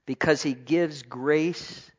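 A man preaching a sermon to his congregation, swinging between loud exclamations and soft asides. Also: a little high, steady tone, slow pace. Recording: dull lo-fi recording.

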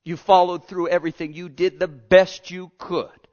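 A man preaching a sermon with passion, swinging between loud pleading and hushed, almost whispered lines. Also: high voice, flat delivery, normal speed, hardly any pauses. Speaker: pastor. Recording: lo-fi dull sound.

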